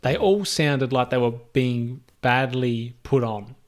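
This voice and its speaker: A man's voice: mid-range voice, animated, takes it slowly. A man co-hosting a podcast, chatting casually about a film in a laid-back, agreeable way. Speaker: podcast co-host. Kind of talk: casual movie review chat.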